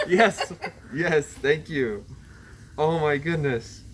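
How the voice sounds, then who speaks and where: A man's voice: fairly high pitch, expressive, extremely slow, husky. A man reacting to a gift with effusive, overwhelmed exclamations, recorded indoors at a home. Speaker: friend receiving a gift. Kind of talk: casual reaction.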